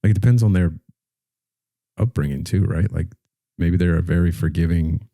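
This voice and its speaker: A man's voice: low-pitched, moderate pace, creaky, dark tone, no echo, clean studio sound. A man co-hosting a podcast in casual chat, reflecting aloud and acting out imagined quotes. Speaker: podcast co-host.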